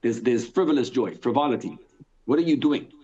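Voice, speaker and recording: A man, a rabbi, teaching a live Torah class in an animated way, asking and answering his own questions and reading Hebrew text aloud. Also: mid-range voice, a little fast, breathy edge. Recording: dull lo-fi sound.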